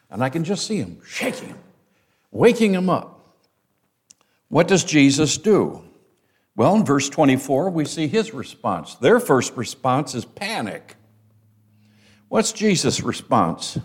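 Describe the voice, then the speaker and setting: Animated preacher man, slow and dramatic. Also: mid-range voice. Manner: dramatic, acts out quoted voices, swings from loud to hushed. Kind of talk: sermon.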